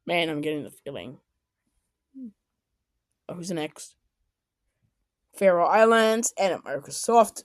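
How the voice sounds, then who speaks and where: A woman giving casual, excitable reaction commentary on animated clips, often exclaiming and shouting. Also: lowish voice, takes it slowly, pauses often, dry recording. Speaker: video commentator.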